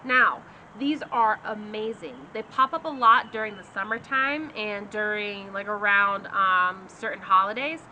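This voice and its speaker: A woman teaching Spanish in a casual, energetic monologue, often checking in with "okay?". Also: medium pitch, a little slow, few pauses, slight background noise, rough recording.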